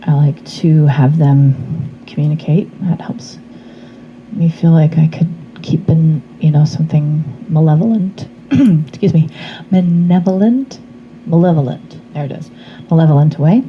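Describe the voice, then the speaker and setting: A slightly hoarse woman reading tarot cards in a casual vlog, talking in a chatty, meandering way that trails off into fillers. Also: sits low, moderate pace, highs cut off, slight background noise. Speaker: tarot reader.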